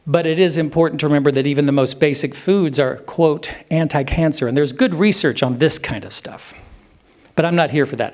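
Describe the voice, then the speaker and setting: A man in his fifties, a clinician giving a conference presentation in a hotel room, speaking emphatically and slowing down for effect. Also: on the high side. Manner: animated, emphatic, slows down for effect.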